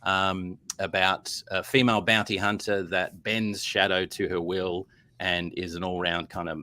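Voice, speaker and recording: An Australian man, a comic writer and guest, chatting casually on a live stream in a halting, self-deprecating way. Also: deep voice, level tone, pushed and bright.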